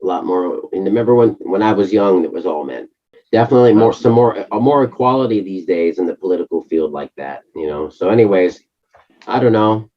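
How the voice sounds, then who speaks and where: A hoarse middle-aged man co-hosting a casual chat, halting often with fillers. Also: sits low. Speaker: co-host. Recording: muffled lo-fi audio.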